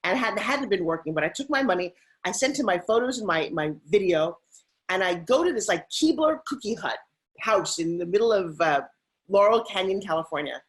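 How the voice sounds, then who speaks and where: A woman in her fifties, a motivational speaker, telling stories in an animated, emphatic way as an interview guest. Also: mid-range voice, brisk. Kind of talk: interview storytelling.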